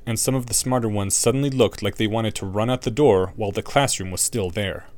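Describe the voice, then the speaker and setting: A man narrating an audiobook with an expressive, wry reading. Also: on the low side, brisk, hardly any pauses, no room sound.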